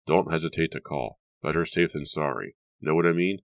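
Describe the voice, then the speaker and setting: A man's voice: rumbling low, brisk, gravelly, no room sound. A man reading an audiobook, voicing a young police officer who speaks in a clipped, businesslike, suspicious way. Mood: wary. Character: young, wary, deadpan male police officer.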